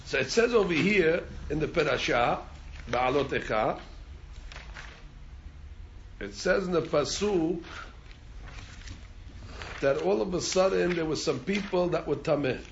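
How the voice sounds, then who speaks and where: A man's voice: on the high side, expressive, a little slow, vocal fry, long pauses, highs cut off, a little hiss or hum. A man teaching an informal Torah class, repeating words as he restarts and chanting Hebrew verses.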